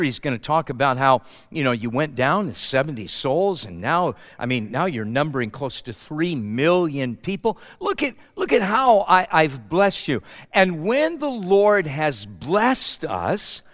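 Man, pastor, sermon, high voice, long hall echo, impassioned, repeats words. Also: fairly bright tone. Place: church.

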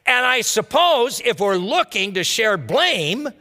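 A man's voice: extremely high pitch, very animated, takes it slowly, sharp tone, in a large hall, exaggerated voice. A pastor voicing a distressed king who shifts the blame onto others and pities himself. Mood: excusing. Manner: self-pitying, excusing himself.

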